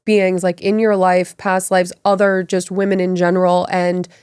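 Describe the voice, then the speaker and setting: Thoughtful podcast woman, smooth clear voice, lowish pitch, dry close sound. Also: level tone, normal speed, a little mellow, no room sound. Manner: reflective, frequent "like" fillers. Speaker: podcast co-host. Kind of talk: casual conversational storytelling.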